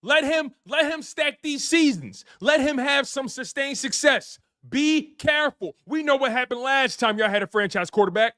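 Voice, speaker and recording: A man's voice: very high voice, lively intonation, moderate pace, hardly any pauses, bright, forceful tone, no room sound, clean studio sound. A man hosting a live sports stream, delivering a repetitive, preachy rant in heavy slang. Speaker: sports show host.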